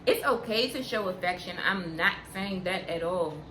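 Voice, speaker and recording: A young woman talks frankly to her viewers in an easy, unhurried way, leaning on repetition to drive her points home. Her voice sits a little low. The sound is roomy, with a clear steady noise behind her. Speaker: vlogger. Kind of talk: candid casual chat to camera.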